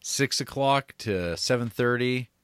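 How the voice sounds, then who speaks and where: A man co-hosting a casual chat, teasing dryly with halting restarts. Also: mid-range voice, a bit bright, clean tone, no room sound, studio quality. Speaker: podcast co-host.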